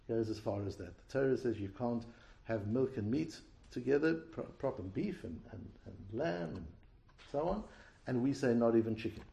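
This Torah teacher's voice is medium in pitch, gravelly yet mellow, heard with a roomy echo. Giving an explanatory class, he asks rhetorical questions and repeats words whenever he restarts a phrase.

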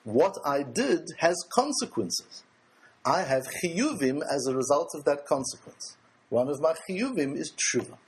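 A man's voice: fairly high pitch, big pitch swings, unhurried, breathy edge. A man teaching a religious lecture to a group, asking rhetorical questions and answering them himself, earnest and emphatic.

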